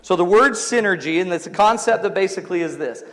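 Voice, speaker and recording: A man with a fairly high voice, hosting a radio talk show and then telling stories to a large crowd. He acts out the voices in his anecdotes with animated energy. The speech rings with a long echo from the hall. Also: fast. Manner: animated storyteller, acts out dialogue, audience laughter. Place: large hall before an audience.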